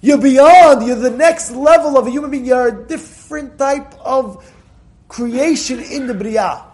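A man giving a Torah class lecture, emphatic and repetitive, sometimes breaking into loud cries to drive a point home. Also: very high voice, a little slow. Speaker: Torah teacher.

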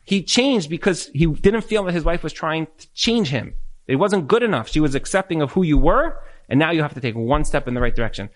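A man with a fairly high speaking voice answers questions in a lively lecture. He talks conversationally, slipping into acted-out snippets of dialogue to make his points. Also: fairly quick. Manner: animated, acts out quoted dialogue. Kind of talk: Q&A talk on marriage.

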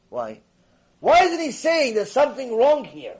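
Man, high-pitched, rabbi lecturing on Torah, playful storyteller who acts out voices. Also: moderate pace, slightly rough. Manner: animated, acts out dialogue, conversational with Hebrew terms.

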